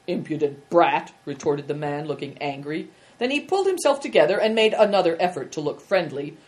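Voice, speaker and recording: A woman narrating a chapter book aloud in a steady, measured storytelling manner. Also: sits low. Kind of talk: audiobook reading.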